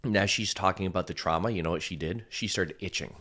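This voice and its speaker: A man and coach telling a personal story in a casual, chatty way, often using "like" and acting out what people said. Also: quick pace. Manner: animated, acts out quoted voices with big pitch jumps; chatty, filler-heavy with frequent "like". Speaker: energy healing and hypnosis coach.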